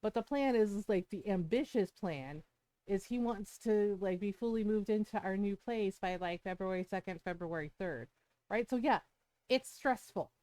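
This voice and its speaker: A woman's voice: mid-range voice, moderate pace, dark tone, no echo. A woman streamer chatting casually at home, rambling and swearing, with frequent fillers and tag questions. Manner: rambling, profane, with frequent "like" and "right?". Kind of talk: casual chat.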